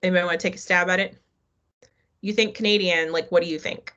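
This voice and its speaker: A woman's voice: on the low side, steady tone, fast, bright, forceful tone, muffled recording. Female history teacher, live online class, loose and chatty, quizzes the students. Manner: conversational, asks the class questions.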